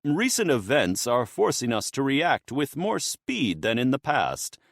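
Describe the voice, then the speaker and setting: A man's voice: medium pitch, huge pitch swings, measured pace, vocal fry, dry recording, clean studio sound, pitched above the performer's own voice, full character voice. A man reading an audiobook, voicing a timid young male necromancer who speaks in an apologetic, hesitant way. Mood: deferential.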